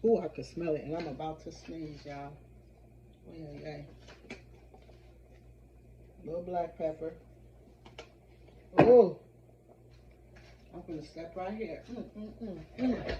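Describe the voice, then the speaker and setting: A fairly low-voiced woman talks her viewers through a home cooking session in a casual, chatty way, humming and exclaiming as she goes. The sound is dull and lo-fi. Steady noise runs behind her in the kitchen. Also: unhurried, long pauses. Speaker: home cook vlogger. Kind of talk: casual cooking vlog chat.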